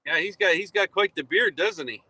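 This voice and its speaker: A man's voice: sits high, lively intonation, moderate pace, sharp tone, no echo. A man calling in over a video call, laid-back and dry-witted in casual chat. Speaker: remote guest correspondent.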